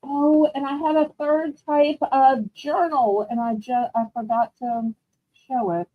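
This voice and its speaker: Woman, auction host, high voice, gushing and upbeat, dry close sound. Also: steady tone, measured pace, no echo, phone-quality sound. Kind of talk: live selling stream chat.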